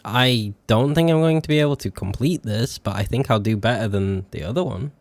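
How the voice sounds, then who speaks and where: A young British man chats casually while live-streaming a game, self-mocking and sweary, stretching out words as he tries to spell them. His voice is mid-range and fairly quick, with no echo.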